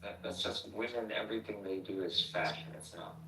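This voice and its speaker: A man's voice: fairly low pitch, a little fast, bright, forceful tone, slight background noise. A young man in casual chat, blunt and joking with plenty of profanity, heard on a roomy, distant mic.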